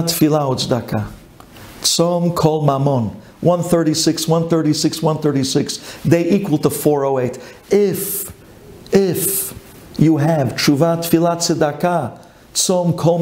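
A man, a rabbi, giving a dramatic storytelling sermon, chanting lists and swinging between high and low. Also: measured pace, a little mellow.

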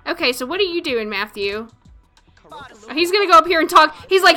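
A woman's voice: very high-pitched, lively intonation, fairly quick, bright, forceful tone, soft background music. A woman with a Southern accent casually commenting on a life-sim game during a livestream, chatty and often laughing, talking to her viewers. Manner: chatty, giggly, talks to chat. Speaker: gaming livestreamer.

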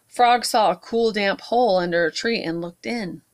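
A woman at a library storytime, reading a picture book aloud to children with expressive asides. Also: mid-range voice, normal speed. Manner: warm, expressive read-aloud with asides to kids.

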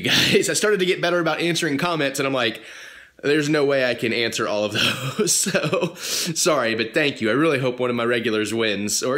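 A young man talks casually to his camera in a vlog. His voice is bright and ringing, and his speaking pitch sits in a middle range. He turns animated and swears freely when something annoys him. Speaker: vlogger.

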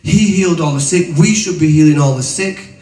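A man's voice: a little high, brisk, dark tone, far from the mic. Man preaching in an echoey room. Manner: chatty, colloquial storytelling. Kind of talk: testimony and teaching. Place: room with an audience. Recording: echoey room, voice from away from the mic.

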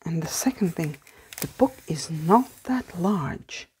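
A woman speaking English as a second language, chatting softly through a casual book haul vlog and slipping into hushed whispers of delight. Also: lowish voice, lively intonation, slow, slight background noise. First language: not English. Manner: soft-spoken, often drops to a hushed whisper in awe; hesitant, with fillers and restarts. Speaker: vlogger.

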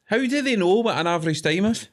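A man's voice: high-pitched, lively intonation, quick pace. A Scottish man hosting a casual podcast chat, prompting his guest with short questions and frequent "aye". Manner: brief encouraging backchannel, frequent "aye". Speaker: podcast host.

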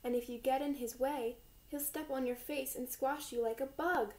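A woman's voice: high voice, fairly even intonation, moderate pace, darkish tone, close to an everyday voice. A woman voicing a frightened young boy raccoon in a children's storybook, pleading and worried.

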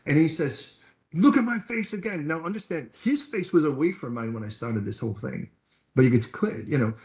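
Male pastor, slightly high voice, lively storytelling sermon, echoey church hall recording. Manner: storytelling preacher, acts out quoted voices.

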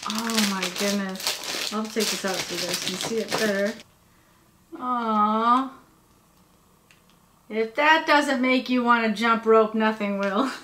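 A woman's voice: fairly high pitch, slow pace, long pauses, bright, forceful tone, slight background noise. A tired woman rambling and gushing as she unboxes cute merchandise at her home workspace. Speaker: vlogger. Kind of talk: casual unboxing chat. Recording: echoey room with faint ambience.

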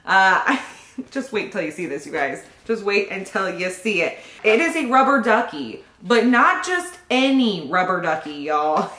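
A woman's voice: medium pitch, lively intonation, measured pace, fairly bright tone. A pregnant young woman chats casually in a vlog, giggling and gushing as she opens gifts. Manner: giggly, gushing, often laughing. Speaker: YouTube vlogger. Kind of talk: casual unboxing chat. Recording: roomy echo.

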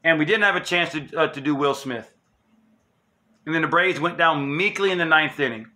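High-pitched man ranting angrily. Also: moderate pace, pushed and bright. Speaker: sports channel host. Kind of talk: angry fan rant.

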